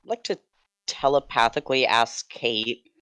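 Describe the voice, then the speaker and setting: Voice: medium pitch, a little slow, a bit bright, clear, resonant tone. Player with dry, literal quips. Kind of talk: tabletop game play.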